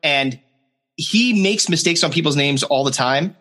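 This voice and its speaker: Bright, husky-voiced swearing man. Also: fairly high pitch, unhurried. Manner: animated, swears, acts out others' lines. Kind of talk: casual chat.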